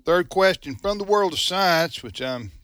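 A man's voice: high-pitched, expressive, unhurried, fairly bright tone, smooth, no echo. A man hosting a radio trivia segment, teasing his co-hosts with dry humor. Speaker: radio host. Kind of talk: casual radio chat.

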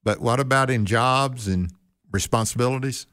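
A man's voice: medium pitch, normal speed, a bit bright, clear, resonant tone, dry recording, studio quality. A man co-hosting a Bible discussion in a folksy way, asking rhetorical questions. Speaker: co-host.

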